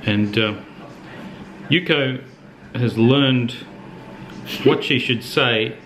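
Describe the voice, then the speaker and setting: An Australian man, an amateur astronomer, rambling through a casual vlog with deadpan humor. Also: medium pitch, very slow, a little hiss or hum.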